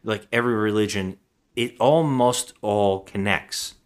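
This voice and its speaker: Low-voiced man recapping a movie. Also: a little slow, clear, resonant tone. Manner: rambling, acts out lines in voices. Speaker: podcast co-host. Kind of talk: casual movie recap chat.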